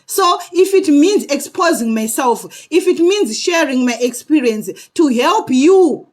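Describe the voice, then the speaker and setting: A woman with a high-pitched voice speaks earnestly to camera. She shares her own story as a vlogger and keeps checking in with her viewers. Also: animated, a little slow. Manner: earnest, often adds "okay?" to check in with viewers. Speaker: vlogger sharing personal experience. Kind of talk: personal testimony to camera.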